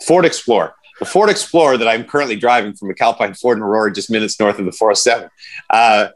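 A man's voice: lowish voice, quick pace. A man co-hosting a podcast, telling rambling, self-mocking stories in casual chat. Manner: rambling, self-deprecating storyteller. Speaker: podcast co-host.

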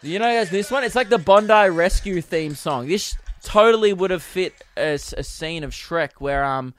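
A young Australian man, a comedian hosting his podcast, telling a rambling story in a crude, self-amused way with bursts of loudness. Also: fairly high pitch, moderate pace, faint music behind. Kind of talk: casual storytelling monologue.

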